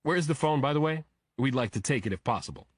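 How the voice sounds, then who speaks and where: A man reading a brisk federal bomb agent. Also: mid-range voice, expressive, dry recording, clean studio sound, pitched above the performer's own voice, close to an everyday voice.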